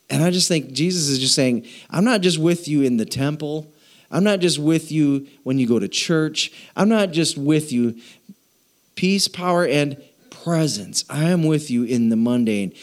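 Male pastor, slightly high voice, teasing and repetitive, sermon delivery. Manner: playful, repeats phrases to prompt the congregation.

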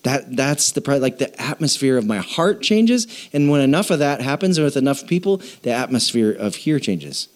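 A man preaching to his church congregation, joking with them and prompting them to call back, moving between quiet asides and loud emphatic lines. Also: mid-range voice, very animated, moderate pace, few pauses. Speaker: pastor. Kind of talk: sermon.

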